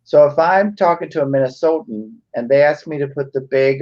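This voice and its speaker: A man's voice: medium pitch, brisk, darkish tone. A man in a casual panel discussion, explaining speech sounds carefully and precisely. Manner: explaining, precise about words. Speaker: guest speaker. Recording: dull lo-fi sound.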